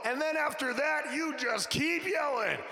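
A man playing a loud, bossy male ghost who coaches salesmen, shouting his tips in pushy pitchman patter. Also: measured pace, vocal fry, heavily acted. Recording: roomy hall echo.

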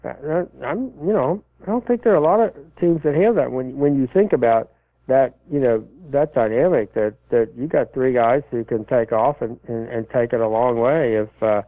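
A man casually takes listener questions on college football, rambling and halting with lots of fillers and restarts. His voice is medium-pitched. It comes through a tinny, dry phone line.

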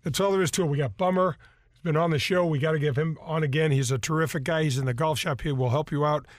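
A man's voice: fairly high pitch, fairly even intonation, fast, no room sound, studio quality. A man hosting a golf radio show, chatting in a rambling, casual way with lots of fillers. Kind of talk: casual radio talk with live sponsor reads. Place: radio studio. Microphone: studio microphone.

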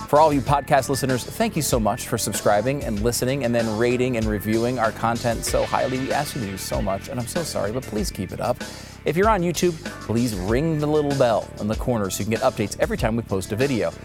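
A man's voice: mid-range voice, fast, music in the background. A man hosting a comedy podcast, delivering a sarcastic monologue with theatrical swings in his voice. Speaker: podcast host.

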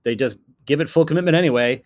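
Rapid-fire and fairly high-pitched, a male TV series co-creator and writer rambles through a casual interview. He uses lots of fillers and restarts, and he occasionally performs other people's voices when quoting them.

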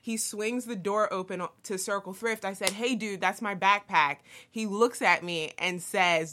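A young woman telling a story in casual chat, animated and swearing freely as she acts out what people said. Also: mid-range voice, normal speed, hardly any pauses.

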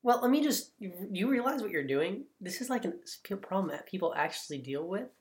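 A man's voice: high-pitched, sing-song, brisk. A man co-hosting a comedy podcast in casual chat, sarcastic and teasing. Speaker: podcast co-host.

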